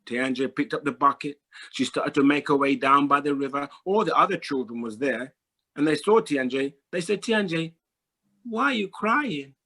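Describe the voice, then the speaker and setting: A man telling a folk tale aloud to an audience, rhythmic and repetitive with dramatic pauses. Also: medium pitch, bright, forceful tone. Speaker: storyteller.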